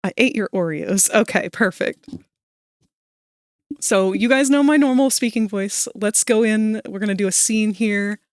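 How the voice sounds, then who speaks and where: A soft-spoken woman streaming from home, chatting casually with viewers into a desk microphone. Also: medium pitch, a little slow, dry recording, clean studio sound. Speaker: livestreamer.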